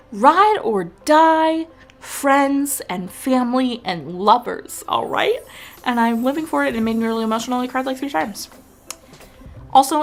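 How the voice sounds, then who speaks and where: A young woman chatting to camera as a film-review vlogger, gushing and animated with quick asides. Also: on the high side. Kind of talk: casual chat to camera.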